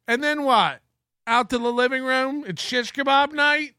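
Guy hosting a comedy rant show, kinda high voice, slow and gravelly, sarcastic and swearing a lot. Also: expressive, pushed and bright, dry recording, studio quality. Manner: sarcastic, profane, rhetorical questions, laughing. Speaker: host. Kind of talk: casual comedic commentary rant.

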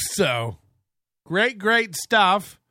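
High-voiced guy hosting a stream, mock-serious rant, slow and bright, dry sound. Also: big pitch swings, dry recording. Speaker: livestream host. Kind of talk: comic rant.

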